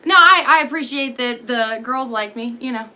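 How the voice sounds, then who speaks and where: A woman's voice: on the high side, normal speed, sharp tone. A sleepy woman in her thirties, rambling and swearing as she answers her live chat. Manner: rambling, profane, self-deprecating, answering chat. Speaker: vlogger talking to live chat.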